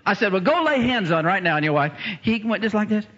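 Guy preaching, tells a story and does the voices, pitch all over the place, kinda muffled old recording. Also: quick pace, hardly any pauses, long reverb tail. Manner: animated, acts out voices in his stories. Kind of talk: sermon storytelling. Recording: dull lo-fi recording.

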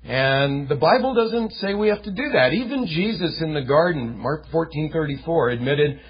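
A man's voice: fairly high pitch, animated, moderate pace, breathy edge. A man preaching a sermon as pastor, talking earnestly and conversationally. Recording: dull lo-fi recording.

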